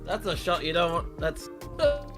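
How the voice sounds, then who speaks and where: A man's voice: sits high, big pitch swings, a little slow, music in the background. A man with an Australian accent, chatting playfully as a guest and laughing often. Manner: giggly, playful, teasing. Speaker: guest on a stream. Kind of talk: casual chat.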